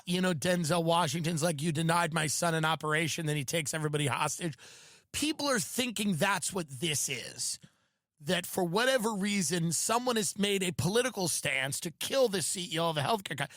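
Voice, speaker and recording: A man's voice: a little high, bright, forceful tone, no room sound, clean studio sound. A man hosting a comedy podcast, rambling through an ironic monologue with mock-sincere asides. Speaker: podcast host.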